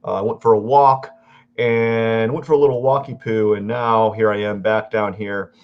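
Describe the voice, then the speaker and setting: Man, low-pitched, chatty live-stream artist, rambling and self-correcting, dull lo-fi audio. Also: little pitch movement, moderate pace. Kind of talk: casual live-stream chat while drawing.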